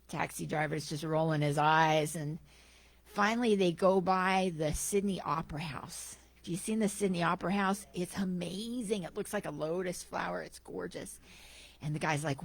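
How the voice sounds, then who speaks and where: A woman guest speaker giving a lively, enthusiastic and jokey storytelling church talk. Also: on the low side, normal speed, vocal fry, no room sound.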